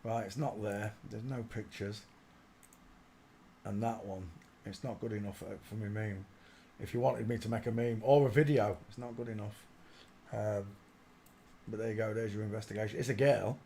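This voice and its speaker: A man hosting a casual livestream, commenting while he searches through images, often muttering quietly to himself and breaking into loud laughing outbursts. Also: lowish voice, steady tone, normal speed, vocal fry, a little hiss or hum. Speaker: livestream host.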